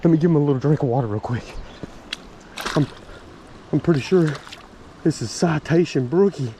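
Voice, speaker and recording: A man from Virginia, narrating his fishing outdoors by a creek, excitable and chatty with viewers. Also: a little high, moderate pace. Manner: excitable, exclaiming, talks to viewers as y'all. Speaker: fishing vlogger. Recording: faint stream and outdoor noise.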